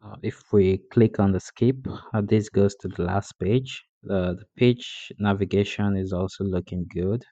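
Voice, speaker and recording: A low, mellow-voiced man talks through a coding tutorial, steady and plain, often pausing on "uh". The recording is dry and a little dull, like a lo-fi voice-over mic. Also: no room sound. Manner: plain, steady explaining with frequent "uh" fillers.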